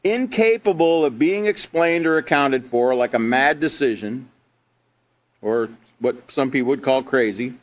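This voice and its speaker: At a measured pace and in a mid-range voice, a middle-aged man conducts a live online character education class. He stays conversational, reading from slides and raising rhetorical questions.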